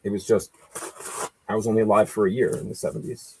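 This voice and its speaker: A man's voice: fairly low pitch, steady tone, fast talker, a little hiss or hum. A man in his forties chatting casually and rambling while painting, often cutting himself off and swearing. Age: 40s. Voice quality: gravelly.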